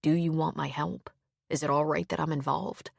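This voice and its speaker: A woman reading Owen, a soft-spoken gentle man. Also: little pitch movement, moderate pace, creaky, dry recording, clean studio sound, heavily acted. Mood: soothing. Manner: soft, reassuring, low-key. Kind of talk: audiobook character reading.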